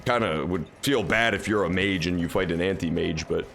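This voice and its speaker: A man's voice: sits low, a little fast, vocal fry, a bit bright, slight background noise. A man streaming a game, giving casual, joking and profane commentary. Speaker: gameplay streamer. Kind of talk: casual live gameplay commentary.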